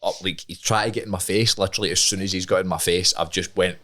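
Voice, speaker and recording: In a fast, low-pitched voice, a young Scottish podcast co-host recounts a tale in a casual conversation. He's animated and laughing, impersonating the people in his story as he goes.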